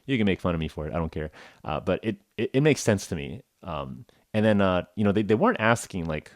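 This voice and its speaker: Low-voiced man telling a self-mocking story. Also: expressive, fast talker, no room sound, clean studio sound. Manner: chatty and self-mocking, with many fillers like "uh" and "like". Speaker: podcast host. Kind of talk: casual storytelling podcast for English learners.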